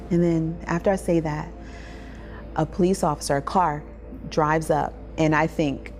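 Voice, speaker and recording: Mellow-voiced woman telling her story. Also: sits low, fairly even intonation, a little slow, faint music behind. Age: adult parent. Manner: earnest storytelling with restarts. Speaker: survivor advocate and speaker. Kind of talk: personal testimony.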